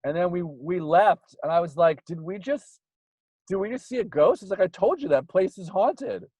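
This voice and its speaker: A man telling a ghost story in a rambling, casual way, full of fillers, getting animated as it builds. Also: sits high, moderate pace, husky, no room sound, rough recording. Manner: rambling, filler-heavy, gets animated when excited. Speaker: guest storyteller.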